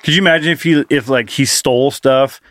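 Crude, deadpan man on a podcast. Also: medium pitch, no room sound, studio quality. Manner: crude, deadpan jokes and slow asides. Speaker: podcast co-host. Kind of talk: casual comedic chat.

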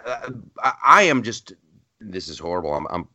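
A man co-hosting a podcast, talking politics in a heated, exasperated way and mimicking others in quick asides. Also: deep voice, sing-song, bright, forceful tone, dry recording. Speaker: podcast co-host. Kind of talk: casual political chat.

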